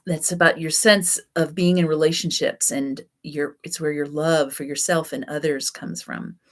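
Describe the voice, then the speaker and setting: A woman teaching a class in a relaxed, conversational way, her voice sitting low. She talks loosely, with frequent fillers and restarts. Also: normal speed. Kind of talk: casual spoken teaching.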